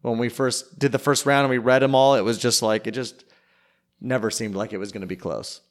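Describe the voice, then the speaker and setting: A man's voice: medium pitch, steady tone. A young adult man co-hosting a casual podcast chat, goofy and emphatic. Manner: goofy, emphatic, fast talker. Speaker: podcast co-host.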